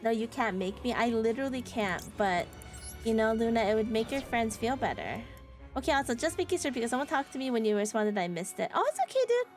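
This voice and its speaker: A woman's voice: a little high, animated, brisk, soft background music. A woman streaming a card game live, chatting with viewers in a playful, sarcastic way and laughing often. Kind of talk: casual live-stream chat while playing a card game.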